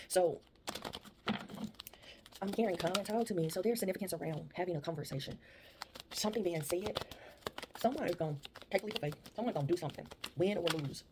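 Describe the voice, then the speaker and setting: A woman talks quickly through a tarot reading, circling back and restarting her thoughts as she goes. Her voice is low, husky and mellow in tone. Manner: rambling, restarts often, addresses listeners as y'all. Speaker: tarot reader. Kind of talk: casual spoken tarot reading.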